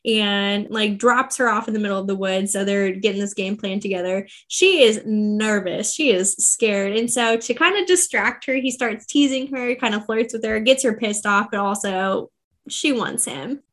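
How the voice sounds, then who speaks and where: A young woman co-hosting a podcast, retelling a novel's plot in casual, slangy chat with quick voices for the characters. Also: mid-range voice. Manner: animated, slangy storytelling with quick character asides. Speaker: podcast co-host. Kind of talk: casual book recap chat.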